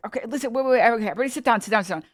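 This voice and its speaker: A woman voicing a flustered high school teacher who rushes through her lesson in a scattered way. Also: no room sound, studio quality, close to an everyday voice. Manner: hurried, scattered, cramming the lesson.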